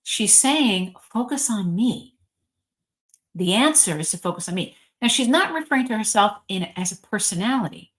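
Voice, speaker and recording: A woman's voice: mid-range voice, expressive, a little fast, hardly any pauses, fairly bright tone. A woman, a reverend, telling a religious story in an informal spiritual talk, chatty, with frequent ums and likes.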